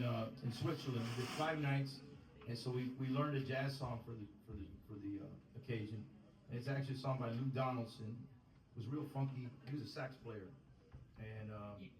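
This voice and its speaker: A man leading a band, telling a rambling story between songs with many restarts. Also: mid-range voice. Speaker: bandleader. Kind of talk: stage banter between songs. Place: live music pub. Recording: echoey live room, distant mic.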